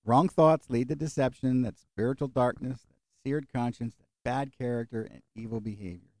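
A middle-aged man preaching in a mellow, warm voice. He is folksy and animated, with jokes and acted-out asides. The recording is dry and close. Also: mid-range voice, moderate pace, no echo. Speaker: pastor. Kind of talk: sermon with closing prayer.

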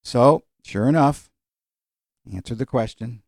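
A man's voice: mid-range voice, takes it slowly, darkish tone, no room sound, studio quality. A middle-aged man leading an informal Bible study, talking in a conversational, digressive way with fillers and chuckles. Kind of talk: informal Bible teaching with personal stories.

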